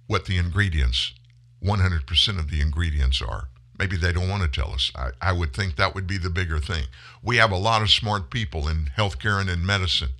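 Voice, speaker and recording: A male talk radio host giving an impassioned monologue, speaking emphatically to listeners, rising to loud bursts and dropping low again. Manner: addresses listeners as folks.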